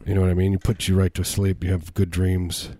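A man's voice: deep voice, completely flat delivery, brisk, warm tone, slight background noise. A man co-hosting a comedy podcast, riffing in a rambling, absurd way with lots of false starts. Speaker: podcast co-host. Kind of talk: casual comedic chat.

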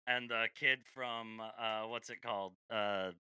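A man's voice: fairly low pitch, fairly even intonation, takes it slowly, pushed and bright, clear, resonant tone, no room sound, studio quality. A man co-hosting a podcast, joking and teasing in casual chat. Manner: joking, teasing, laughs often. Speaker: podcast co-host.

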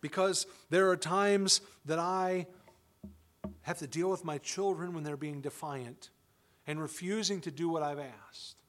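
Male pastor, high voice, emphatic sermon delivery with rhetorical questions. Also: steady tone, unhurried, fairly bright tone. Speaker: father of children.

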